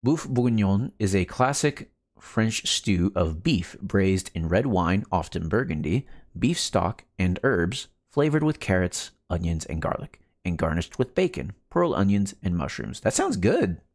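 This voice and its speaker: A man's voice: low-pitched, sing-song, unhurried, a little mellow. A man streaming a game, chatting casually with his chat and laughing often. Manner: laid-back, laughs often, reads chat aloud.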